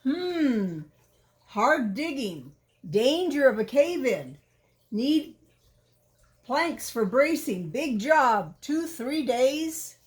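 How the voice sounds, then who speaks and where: A woman's voice: high-pitched, sing-song, extremely slow, full character voice. A woman voicing a brash, businesslike male gopher in a children's storybook read-aloud, with a clipped, salesman-like delivery.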